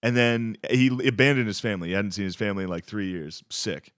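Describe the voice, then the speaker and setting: A man's voice: fairly low pitch, quick pace, a bit bright, no echo, clean studio sound. A young man as a podcast guest in casual chat, laid-back and profane, often laughing.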